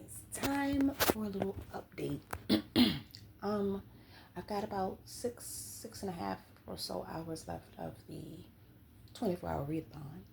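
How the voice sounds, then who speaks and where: Slow-talking, sassy woman book vlogger. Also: medium pitch, slight background noise, low-quality recording. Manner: chatty, sassy asides with laughs. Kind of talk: casual chat. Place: home.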